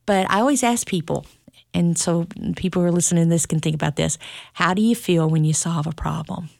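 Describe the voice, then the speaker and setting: A woman's voice: fairly low pitch, a little fast, creaky, a little mellow, dry recording, clean studio sound. A middle-aged woman, a dramatic storyteller chatting as a guest about her work and parenting. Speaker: school staff member and parent, guest. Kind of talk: casual interview chat.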